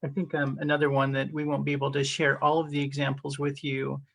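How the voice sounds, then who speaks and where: Gravelly, thoughtful man guest. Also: medium pitch, monotone, fast talker, fairly bright tone. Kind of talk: casual podcast conversation.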